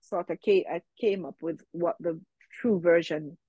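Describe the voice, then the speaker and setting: A woman's voice: lowish voice, steady tone, normal speed, dark tone, slightly rough, dry recording, muffled recording. A woman guest in an interview, telling a personal story in a reflective way, with many fillers, and quoting herself and others.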